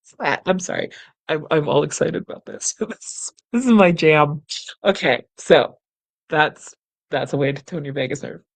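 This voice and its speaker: This host, a singing teacher, leads a somatic exercise class on camera from a chair in her home studio. Her voice is low and creaky, at a normal speed. She's playful, laughs a lot, and shows the exercises through vocal sounds.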